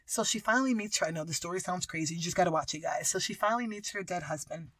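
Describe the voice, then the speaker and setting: A woman hosting a podcast, telling a story in a casual, animated way and often dropping into whispers. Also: on the low side, fast talker, no room sound. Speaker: podcast host.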